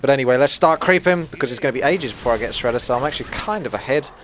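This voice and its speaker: A man's voice: medium pitch, expressive, racing, fairly bright tone, slight background noise. A young man with a mixed British accent giving playful, self-mocking, chatty commentary over a strategy game. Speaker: gaming commentator. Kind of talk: casual gameplay commentary.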